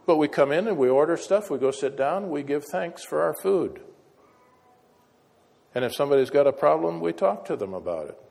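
A man's voice: fairly high pitch, big pitch swings, normal speed, creaky, darkish tone. A man preaching a sermon, telling folksy stories with wry asides. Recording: echoey hall reverb.

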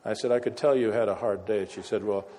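A man's voice: lowish voice, steady tone, fast, warm tone. A man preaching a sermon, telling folksy stories with wry asides. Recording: echoey hall reverb.

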